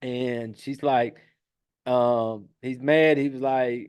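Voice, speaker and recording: A man's voice: mid-range voice, steady tone, slow pace, darkish tone, smooth. A man casually recapping a horror film plot, rambling and swearing freely, with frequent laughs. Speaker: podcast host recapping a film.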